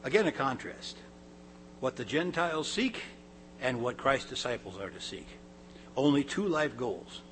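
A man's voice: mid-range voice, animated, measured pace, pauses often, a bit bright, slight background noise, rough recording. A man giving a sermon, reading scripture with rising emphasis and then explaining it in a plain, conversational way with restarts. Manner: conversational asides with small laughs and restarts. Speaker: pastor.

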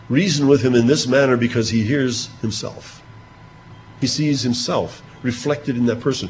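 A man preaching a sermon, retelling scripture with animated emphasis on quoted speech. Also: mid-range voice, a little hiss or hum. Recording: dull lo-fi recording with faint ambience.

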